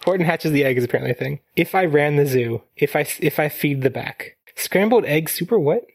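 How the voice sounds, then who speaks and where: A podcast host chatting casually, rambling through quick tangents full of "like.". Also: mid-range voice, animated, husky, no room sound. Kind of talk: casual chat.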